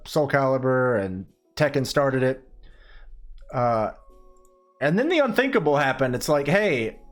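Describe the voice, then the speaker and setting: A young man chats casually over a drawing stream, ranting and swearing as he goes. His voice sits at an ordinary middle pitch. Faint background music plays behind him. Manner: rambling, profane, animated ranting with put-on quoted voices. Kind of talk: casual chat while drawing.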